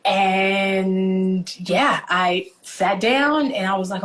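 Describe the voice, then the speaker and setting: A woman from Nigeria, animated and laughing often as she tells stories in a conversational interview. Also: medium pitch, very slow. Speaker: author and guest.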